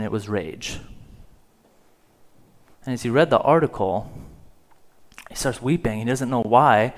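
A man preaching from the pulpit, voice at an ordinary middle pitch. He tells the story casually, with little fillers, and pushes harder in the tense stretches. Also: clean tone. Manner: storytelling, rising in volume for dramatic moments. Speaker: pastor. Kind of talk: sermon. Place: church sanctuary.

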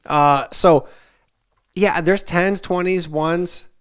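A man's voice: high-pitched, extremely slow, smooth. A man in his forties, a podcast co-host, telling a long, meandering family story with asides and restarts. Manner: animated, meandering anecdotes with many restarts and asides; loudly acts out family members' lines in shifting voices. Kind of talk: casual chat, rambling storytelling.

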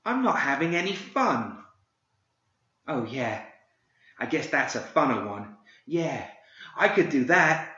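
A man voicing a frightened small boy with wild magic, in a shrill, whiny tone, as a storybook reader. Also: sing-song, takes it slowly, long pauses, pushed and bright, reverberant, muffled recording, full character voice. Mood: distracted.

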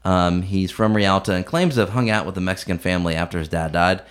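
A man's voice: deep voice, fast talker. A man co-hosting a casual beer podcast, talking with a sarcastic, joking edge. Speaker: podcast co-host, beer reviewer. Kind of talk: casual chat.

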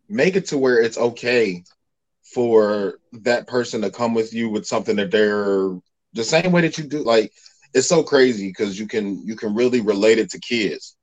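Blunt, low-voiced male podcast host. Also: poor audio. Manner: blunt, profane, joking. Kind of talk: casual podcast chat.

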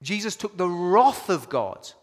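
A man's voice: sits high, big pitch swings, measured pace, big-room sound. A man preaching a sermon to his congregation in a casual, conversational way, asking rhetorical questions and restarting phrases often. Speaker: pastor.

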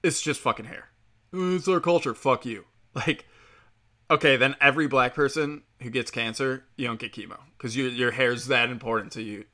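A man's voice: mid-range voice, fairly even intonation, moderate pace, bright, forceful tone. A man delivering a heated, profane opinion rant, rambling with fillers as he talks.

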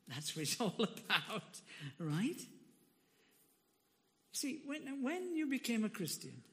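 Animated preacher in an echoing hall. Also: male voice, sits high. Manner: animated, emphatic, laughs often. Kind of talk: sermon. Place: church. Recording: long reverb of a large hall.

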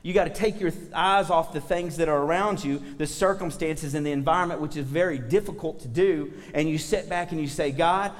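A man's voice: a little high, brisk, few pauses, in a large hall. A man preaching a sermon as pastor, talking casually with the congregation and asking them for amens.

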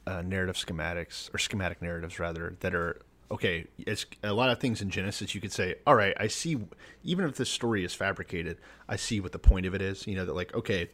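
A man co-hosting a relaxed podcast discussion, working through ideas in an analytical, thoughtful way with dry humor. His voice sits fairly low for a man. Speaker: podcast co-host. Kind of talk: casual chat.

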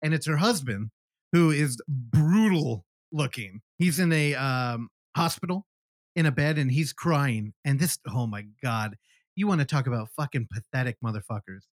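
A man's voice: mid-range voice, animated, moderate pace, no echo. A man casually recapping a film on a podcast, animatedly acting out the characters' lines and swearing freely. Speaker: podcast host. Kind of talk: casual movie review chat.

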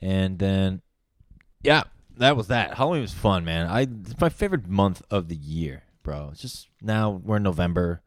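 A laid-back man co-hosting a podcast, tossing out crude jokes. His voice is close and dry, with no room sound, and its pitch bounces around a lot. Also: expressive, normal speed, dry recording. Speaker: podcast co-host. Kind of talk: casual chat.

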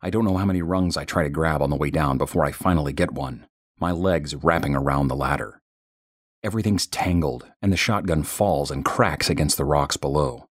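Very deep husky male narrator. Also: dry recording, studio quality. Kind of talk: first-person horror story narration.

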